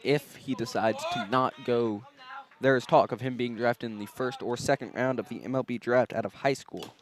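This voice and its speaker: Steady young man analyzing baseball. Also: mid-range voice, moderate pace, noisy background. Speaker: color commentator. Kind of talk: high school baseball commentary.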